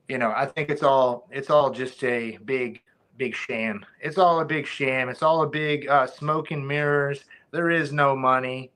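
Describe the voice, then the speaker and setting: A man's voice: medium pitch, a bit bright. A man, a former fighter, talking casually as a podcast guest, rambling with many restarts.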